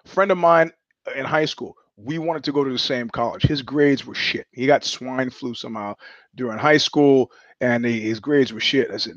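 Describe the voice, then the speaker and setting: A man's voice: medium pitch, normal speed, a bit bright, dry recording, dull audio. A man hosting a podcast, telling stories in a blunt, profane, rambling monologue with frequent restarts. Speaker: podcast host. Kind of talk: casual monologue.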